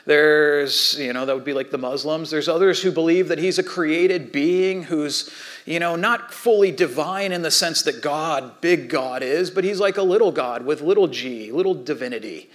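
A man preaching a sermon as pastor, telling a story and acting out shouting children. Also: fairly high pitch, normal speed. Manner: storytelling, animated voices for quoted kids.

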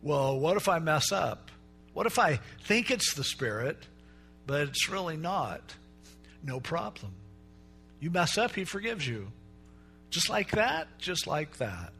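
Man, pastor, sermon, conversational, acts out quoted voices, bright tone. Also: a little high, sing-song, takes it slowly, gravelly, faint music behind.

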